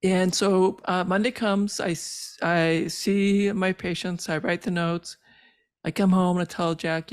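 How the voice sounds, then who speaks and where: An older woman, a physician, telling her personal story as a podcast guest, earnest and halting with many fillers and moved as she relives it. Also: on the low side. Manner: emotional when reliving moments.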